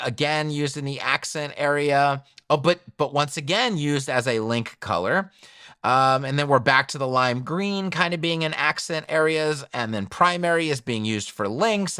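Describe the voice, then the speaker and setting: A man walks viewers through a web design tutorial, chatting casually and asking questions that he then answers himself. His voice is bright and a little high. The sound is dry and close, with almost no room echo. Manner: conversational, asks and answers his own questions. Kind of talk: screen-share tutorial walkthrough.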